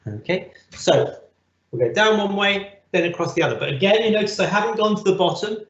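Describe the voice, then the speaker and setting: A man's voice: high voice, expressive, fairly quick, a bit bright. A man giving a patient, step-by-step live online cooking lesson to children from a kitchen. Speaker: cookery teacher. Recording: echoey, slightly dull audio.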